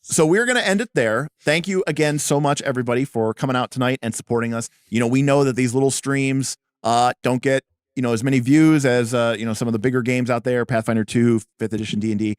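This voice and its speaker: A man's voice: medium pitch, quick pace, clean tone, dry recording, clean studio sound. Chatty man running a tabletop game. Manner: chatty, explains rules, repeats "you know". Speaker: game master.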